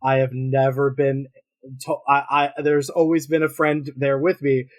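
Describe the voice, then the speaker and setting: A man's voice: mid-range voice, level tone, unhurried. A man from the Los Angeles area telling a story on a podcast, profane and joking. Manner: profane, laughing. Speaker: podcast co-host. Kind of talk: casual storytelling.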